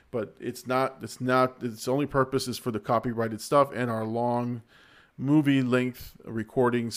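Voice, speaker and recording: Chatty man in his forties hosting. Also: mid-range voice. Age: 40s. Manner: chatty, laughs often, rambling restarts. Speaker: podcast host. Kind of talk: casual livestream chat.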